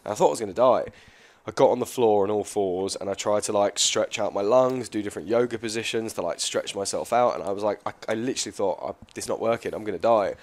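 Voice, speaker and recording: A man's voice: fairly low pitch, fast, darkish tone. A young man co-hosting a podcast, telling casual stories and rambling with lots of fillers. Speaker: podcast co-host.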